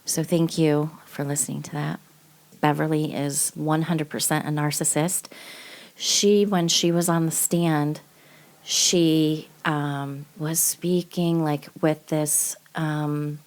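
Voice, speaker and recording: A woman's voice: sits low, steady tone, slow, darkish tone. A woman hosting a true-crime podcast, talking casually and bluntly, swearing freely with lots of fillers. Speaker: podcast host.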